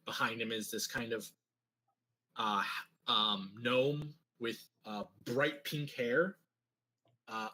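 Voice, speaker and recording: A man running a tabletop game, describing scenes in a relaxed way with many fillers. His voice is bright but husky, at an ordinary pitch. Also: poor audio. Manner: relaxed, filler-heavy narration. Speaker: game master.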